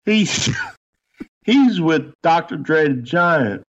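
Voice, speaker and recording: A man's voice: a little high, animated, very slow, lo-fi sound. A man ranting in a heated, profane, mocking way during a podcast chat. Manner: foul-mouthed, heated, mocking.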